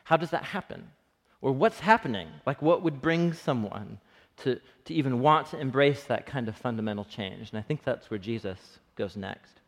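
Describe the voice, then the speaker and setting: A man's voice: mid-range voice, lively intonation, normal speed. A man giving a conversational sermon, acting out the lines he quotes. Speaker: pastor. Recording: long hall reverb.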